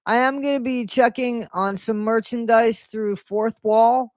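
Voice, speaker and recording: A man's voice: sits high, lively intonation, a little slow, dry recording, studio quality. A man hosting a casual morning livestream, greeting viewers by name in a loose, rambling way. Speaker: livestream host.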